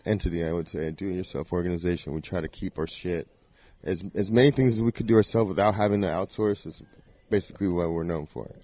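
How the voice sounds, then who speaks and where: A man's voice: low voice, fast talker, no room sound, highs cut off. A man, a DJ guest on a podcast, telling stories in a laid-back, slangy way. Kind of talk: casual interview talk.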